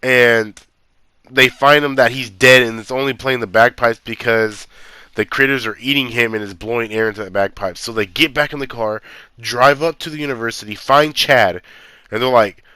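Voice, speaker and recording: A man's voice: medium pitch, fairly even intonation, moderate pace, pushed and bright, smooth, no echo. A man giving a casual movie review, exasperated and incredulous, full of fillers.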